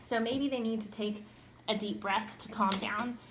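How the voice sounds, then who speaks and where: A woman's voice: a little high, fairly even intonation, moderate pace, slight background noise. A young woman talking casually to camera about parenting, chatty and full of little ums and restarts. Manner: chatty, with frequent ums and self-corrections. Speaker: parenting vlogger.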